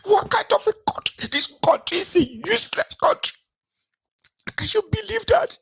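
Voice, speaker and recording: A man's voice: extremely high pitch, big pitch swings, normal speed, vocal fry, a bit bright, pitched above the performer's own voice, full character voice. A man voicing an outraged shopkeeper with a Nigerian accent who whines that the country is finished. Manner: exclamatory, whining and melodramatic.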